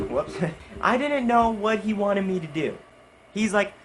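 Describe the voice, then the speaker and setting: A man's voice: high-pitched, animated, measured pace, a bit bright, slight background noise. A hyper young man animatedly telling a story in his vlog, jumping between voices and asides. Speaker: vlogger.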